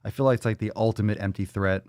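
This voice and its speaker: A man's voice: fairly even intonation, fast, no room sound, studio quality. A man hosting a podcast in a loose, profane, joking chat, reading viewer comments aloud. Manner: coos softly in a high baby-talk voice at a pet. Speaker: podcast host. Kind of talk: casual live-stream chat.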